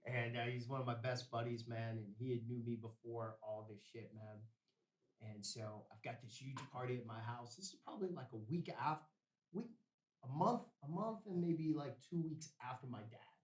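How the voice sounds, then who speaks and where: A man's voice: mid-range voice, moderate pace. A man tells a story in a loose, rambling way, swearing freely and dropping street slang. His voice sits in the middle of the range for a man. It sounds roomy, with the mic some distance away. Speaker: podcast guest. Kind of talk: casual storytelling.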